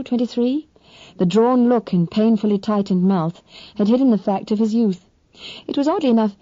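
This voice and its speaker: Woman reading an audiobook, warm mellow voice, dry and kinda dull lo-fi sound. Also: medium pitch, no room sound. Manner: measured, expressive storytelling. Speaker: audiobook narrator. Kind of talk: scripted first-person narration.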